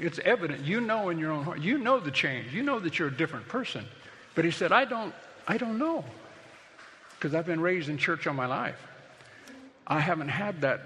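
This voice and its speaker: A man's voice: on the high side, fairly bright tone, in a large hall, slight background noise. A middle-aged man, a pastor, preaching a sermon in a conversational, storytelling way that builds to emphatic points.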